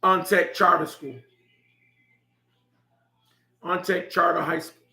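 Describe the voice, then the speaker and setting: A man's voice: high-pitched, fairly even intonation, slow pace, bright, forceful tone, faint music behind. A middle-aged man telling a heartfelt story about his son, laughing now and then as he speaks. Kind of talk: personal storytelling. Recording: echoey room.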